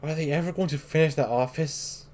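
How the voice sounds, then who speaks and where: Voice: medium pitch, a little fast, darkish tone, a little hiss or hum. A gamer casually reading game text aloud. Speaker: let's play host.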